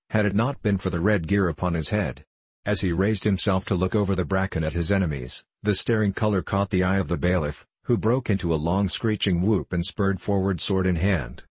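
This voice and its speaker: Deep husky man reading a story. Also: no echo. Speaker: audiobook narrator. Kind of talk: scripted narration.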